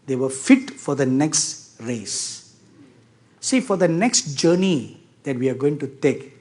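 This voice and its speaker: A man with a slightly high voice preaches a sermon to a congregation, hammering his points by repeating key words and asking the audience to agree.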